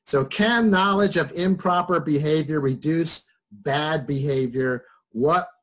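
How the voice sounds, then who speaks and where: A middle-aged man with a husky voice teaches psychology over a video call. He keeps it conversational, joking and chuckling as he works through examples from his own life. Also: a little high. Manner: chatty, jokes with personal examples and chuckles. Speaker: psychology instructor. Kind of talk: casual online lecture.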